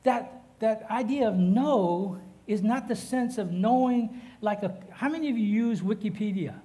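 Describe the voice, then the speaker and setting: A man's voice: high voice, measured pace, warm tone. A man preaching a sermon as a guest pastor, breaking into chatty, jokey asides to the congregation and building in force when he reads from the text.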